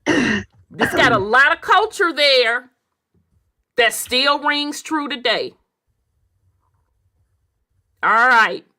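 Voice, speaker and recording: An animated Southern woman hosting a casual talk, full of slang and laughter. Her voice sits high and sounds bright and forceful. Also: drawn-out words, long pauses. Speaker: host. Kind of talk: casual group discussion.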